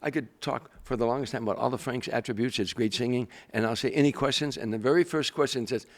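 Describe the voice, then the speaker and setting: Older gravelly-voiced man telling stories. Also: medium pitch, fast. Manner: animated storyteller, acts out quoted voices. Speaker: guest, comedian. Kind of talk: storytelling interview.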